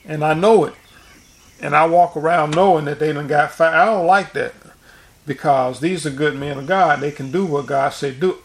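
A man's voice: a little high, normal speed. A man preaching informally and recounting a dream, rambling with frequent restarts and repeated words. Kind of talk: informal sermon and dream testimony.

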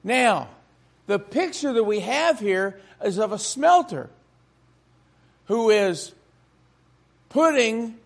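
Very high-voiced man preaching a sermon. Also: expressive, slow pace, vocal fry, pauses often. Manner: emphatic, with rhetorical questions to the congregation.

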